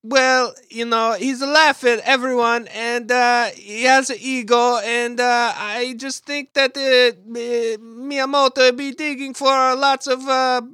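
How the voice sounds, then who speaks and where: A woman's voice: high voice, flat delivery, slow, a bit bright, clear, resonant tone, no room sound, clean studio sound. A woman voicing a jealous adult male sidekick brother with a hammy put-on Italian accent, whiny and indignant. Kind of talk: improvised podcast parody.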